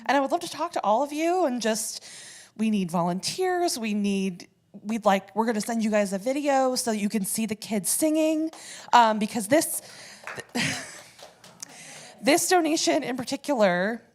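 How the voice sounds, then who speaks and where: A woman from a community theater speaking off the cuff at a church service, emotional, halting and laughing between phrases as she thanks the congregation. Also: a little high, expressive, a little mellow. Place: church sanctuary.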